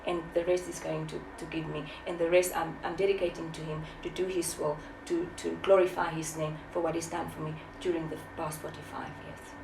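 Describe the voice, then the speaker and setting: A woman's voice: low voice, flat delivery, brisk, creaky, hardly any pauses, darkish tone, echoey room, recorded from a distance, slight background noise, poor audio. A woman in her forties, from South Africa, speaking as an author in an interview, impassioned and preachy, often repeating her words. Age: 40s. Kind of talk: emotional testimony.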